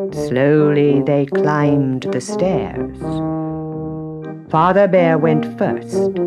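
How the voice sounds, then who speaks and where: Lady reading a kids story, slow and sing-songy, music in the background. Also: dull audio. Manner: slow, expressive, very lively pitch. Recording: music underneath. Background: instrumental music.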